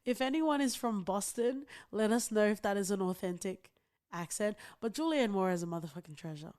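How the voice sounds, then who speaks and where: A woman's voice: medium pitch, animated, a little fast, darkish tone. Giggly, chatty woman podcast host. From outside the United States. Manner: chatty, many fillers and giggles. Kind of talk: casual chat.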